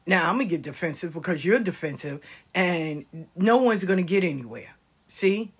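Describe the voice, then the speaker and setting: An older woman, grandmother of nine, speaks at a moderate pace in a lowish, breathy voice with lively intonation. Casual and passionate, she tells stories about life lessons and often whispers.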